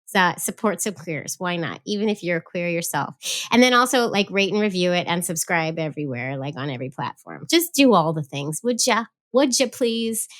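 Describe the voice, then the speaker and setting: A woman hosting a podcast in a casual, playful way, joking at her own expense and chatting warmly with her guest. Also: fairly low pitch, lively intonation, brisk. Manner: playful, self-mocking, chatty. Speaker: podcast host.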